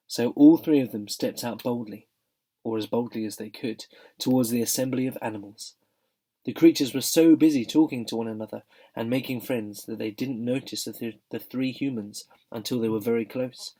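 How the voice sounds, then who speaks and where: A man's voice: medium pitch, moderate pace, mellow. A man reading a children's novel aloud, narrating steadily with some expression. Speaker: reader. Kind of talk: audiobook narration.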